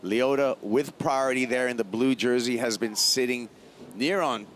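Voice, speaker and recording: A man's voice: medium pitch, moderate pace, fairly bright tone, slight background noise. A man commentating live surfing in an easygoing way, laughing between calls. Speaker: surf commentator.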